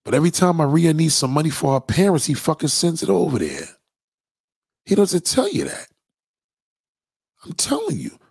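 A man's voice: a little high, big pitch swings, fairly quick, gravelly, a little mellow, slightly rough, no room sound, clean studio sound. A man hosting a blunt, profane ranting monologue to his viewers. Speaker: host.

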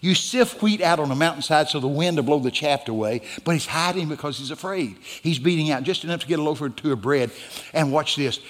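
A man preaching a sermon as a guest pastor, animated and rising into shouts. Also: on the high side, fairly quick. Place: church sanctuary. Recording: church hall reverb.

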